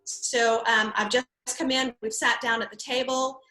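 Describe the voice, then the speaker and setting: A woman's voice: a little high, flat delivery, moderate pace, bright, forceful tone, soft background music. A woman real estate trainer teaching an online workshop in a conversational, laid-back way. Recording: echoey room.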